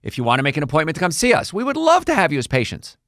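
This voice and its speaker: Middle-aged male chiropractor host, salesy and upbeat, slightly high voice, dry close mic. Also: rapid-fire, dry recording. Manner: energetic, salesy, acts out patients' voices. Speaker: chiropractor and health show host. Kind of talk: solo health podcast monologue.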